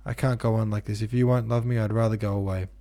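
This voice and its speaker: A man voicing a young woman who pleads, wheedles and turns furious, in a gravelly reading voice. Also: on the low side, fairly even intonation, fast, warm tone, lightly acted. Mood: pleading. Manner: wheedling, then spiteful.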